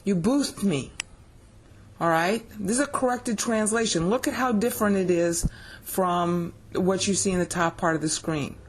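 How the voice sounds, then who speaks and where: A woman's voice: medium pitch, normal speed, a little hiss or hum. A woman giving a screen-share scripture lesson, explaining step by step with emphasis and often checking that the listener follows. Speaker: Bible teacher.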